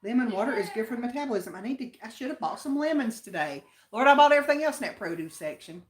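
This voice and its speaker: A woman's voice: fairly high pitch, animated, fast, slight background noise. A woman with an Appalachian accent co-hosting a livestream, chatting in a homey, folksy way and reading viewer comments. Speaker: livestream co-host. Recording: roomy echo.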